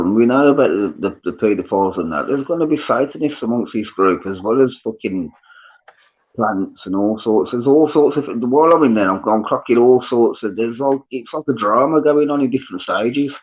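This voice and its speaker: A man chatting excitedly on a live panel, restarting his sentences and swearing. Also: mid-range voice, normal speed. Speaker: panel guest. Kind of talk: casual live panel chat. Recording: tinny phone-line audio.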